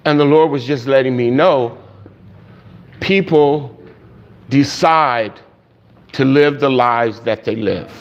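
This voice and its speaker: A man preaching a sermon, telling a story and acting out the voices of its people, growing loud and high at its peaks. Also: slow, pauses often. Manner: storytelling, acts out quoted voices, rising loud and high at climaxes. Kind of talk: sermon illustration. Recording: dull lo-fi sound.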